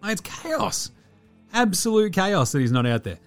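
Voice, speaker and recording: A man hosting a casual sports talk show, swearing freely and talking in a loose, animated way. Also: high-pitched, normal speed, soft background music. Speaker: podcast host.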